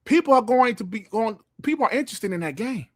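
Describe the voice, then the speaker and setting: With a very high, lively voice and a fast delivery, this older gaming podcast host reads the live chat and trades loud, profane trash talk, laughing often. The recording is dry.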